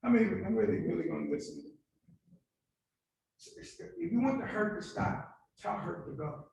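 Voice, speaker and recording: A man's voice: sits high, expressive, moderate pace, vocal fry, background noise. A male pastor preaching a call-and-response sermon, coaxing the congregation to repeat his words after him. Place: church sanctuary. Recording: very echoey church hall from far off.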